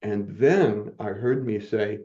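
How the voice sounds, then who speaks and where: A man as a guest giving an earnest, halting personal testimony, often moved as he speaks. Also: fairly low pitch, dark tone, dull audio.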